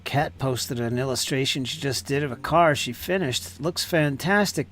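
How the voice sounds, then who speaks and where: A man's voice: mid-range voice, normal speed, few pauses, a bit bright. A man hosting a live stream, chatting casually and muttering to himself while he paints miniatures. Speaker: channel host painting miniatures.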